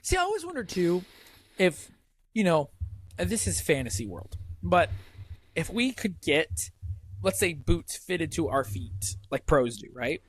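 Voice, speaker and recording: A young adult man co-hosting a podcast, chatting casually and telling teasing, animated stories. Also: fairly high pitch, a little slow. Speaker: podcast co-host. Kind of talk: casual chat.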